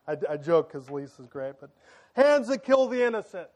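A man in his thirties, a pastor giving a sermon in church, telling joking family stories in a loud, excited way. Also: fairly high pitch, normal speed. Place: church sanctuary.

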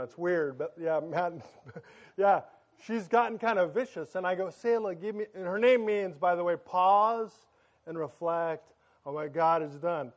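A man in his thirties, a pastor giving a sermon in church, telling joking family stories in a loud, excited way. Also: sits high. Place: church sanctuary.

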